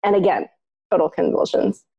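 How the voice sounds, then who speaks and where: A woman's voice: lowish voice, moderate pace, creaky, breathy edge. Woman telling a story, lo-fi sound. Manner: animated, acts out other people's lines in the story; frequent filler "like". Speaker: podcast co-host. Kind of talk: casual storytelling chat.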